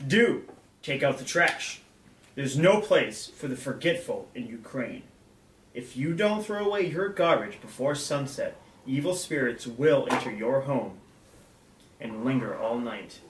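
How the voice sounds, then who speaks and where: A man's voice: mid-range voice, lively intonation, measured pace, slight background noise. A young man co-hosting a snack review, reading trivia aloud in a laid-back way. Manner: laid-back, laughs easily. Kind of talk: casual chat reading trivia. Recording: echoey room, mic at a distance.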